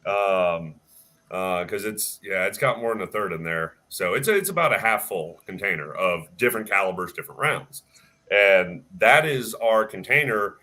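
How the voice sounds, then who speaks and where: A firearms instructor tells a story in a casual, animated way and fills it with ums and restarts. His voice sits fairly low but has a bright, forward edge. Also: normal speed. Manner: animated storyteller, many fillers. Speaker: firearms instructor and range staff. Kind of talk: casual storytelling on a live chat.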